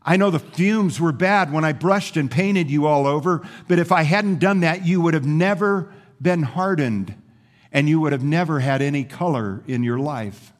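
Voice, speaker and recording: A man doing a gentle, patient master potter. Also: fairly high pitch, normal speed, voice pushed up, natural voice. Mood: reassuring. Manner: quiet, gentle, reassuring.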